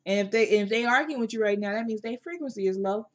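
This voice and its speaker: A woman's voice: fairly high pitch, fast. A woman with a Southern US country accent giving a casual tarot reading in an emphatic, repetitive, colloquial way. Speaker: tarot reader.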